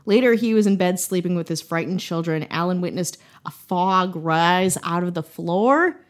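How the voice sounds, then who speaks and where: A woman's voice: fairly low pitch, moderate pace. Woman host from wisconsin, young adult, playful and jokey, casual storytelling podcast chat. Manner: playful, jokey, laughs often.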